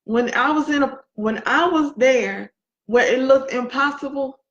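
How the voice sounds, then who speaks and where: A woman's voice: sits high, unhurried. A woman giving an inspirational faith talk, speaking emphatically and repeating key phrases for effect. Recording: dull lo-fi recording.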